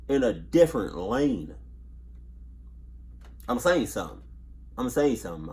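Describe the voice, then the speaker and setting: A man's voice: mid-range voice, very animated, unhurried, pauses often, mellow. A man doing casual reaction commentary, nervous, profane and rambling, repeating himself as he stutters over his words. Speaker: reaction youtuber.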